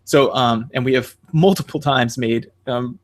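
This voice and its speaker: A man co-hosting a podcast in casual chat, rambling with many fillers and animated quoting. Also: mid-range voice, a little slow. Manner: animated, jumps into quoting others. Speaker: podcast co-host.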